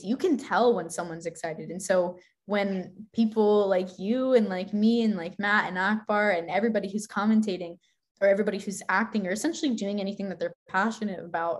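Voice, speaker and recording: A young woman, a guest who competes in gymnastics, chatting in a bubbly, animated way and laughing often. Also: medium pitch. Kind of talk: casual chat.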